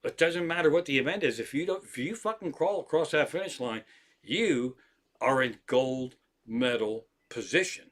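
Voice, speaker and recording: A man's medium-pitched voice carries at normal speed as he hosts a livestream, a comedian lounging in an armchair at home. His casual stories drift along, lively and heavy with swearing.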